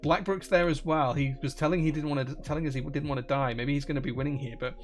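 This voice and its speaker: A man streaming live, commentating viewer marble races in quick play-by-play, reeling off player names with casual asides, his voice a little worn. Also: a little high, fairly even intonation. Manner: rapid name-listing play-by-play with casual asides. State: slightly losing his voice.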